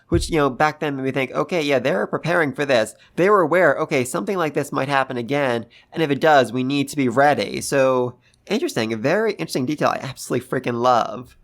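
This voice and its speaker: A host giving a casual, gushing review of a manga chapter, talking excitedly and repeating phrases for emphasis. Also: medium pitch, quick pace. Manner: gushing, excitable, gasps and laughs. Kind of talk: casual commentary.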